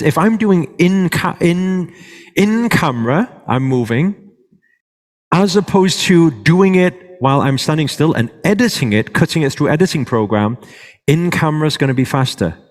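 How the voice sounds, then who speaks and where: A man's voice: on the high side, expressive, moderate pace. A man teaching a live workshop to an audience, checking in with them often and moving around as he speaks. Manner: moves around while speaking. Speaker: workshop presenter. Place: large hall with a live audience. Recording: reverberant hall.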